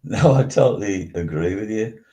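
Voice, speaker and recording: An older man in his seventies with a very low voice hosts a talk show. He reminisces unhurriedly, stopping and restarting often with ums. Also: animated, dark tone. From West Midlands, England. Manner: halting, with frequent restarts and ums. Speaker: radio show host. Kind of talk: casual reminiscing chat.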